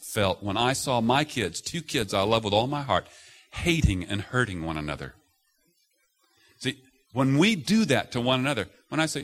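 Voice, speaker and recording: A middle-aged man preaching a sermon to a congregation, telling stories and acting out the voices he quotes. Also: medium pitch. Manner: animated storytelling, acts out quoted voices loudly. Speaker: pastor. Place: church sanctuary before a congregation.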